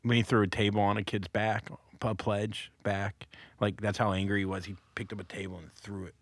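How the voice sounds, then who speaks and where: A male comedian telling stories in a casual podcast chat, animated, laughing and swearing often. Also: on the low side, fairly quick.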